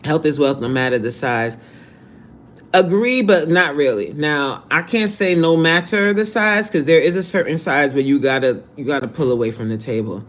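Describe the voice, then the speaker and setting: A man's voice: a little high, lively intonation, moderate pace, fairly bright tone. A man fitness coach on a live stream who reads out viewer comments in a blunt, sassy, scolding way.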